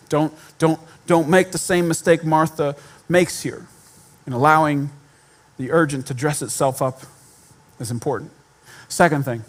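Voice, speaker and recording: A man giving a sermon in a conversational way, with self-deprecating humor and repeated points for emphasis. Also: a little high. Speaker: pastor.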